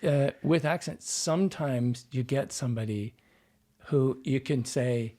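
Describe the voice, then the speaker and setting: A man from Iowa working as a dialect coach, telling animated stories as a podcast guest and acting out the dialogue he quotes. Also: medium pitch, unhurried. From Iowa, US Midwest. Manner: animated storyteller who acts out quoted dialogue. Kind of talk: casual podcast storytelling.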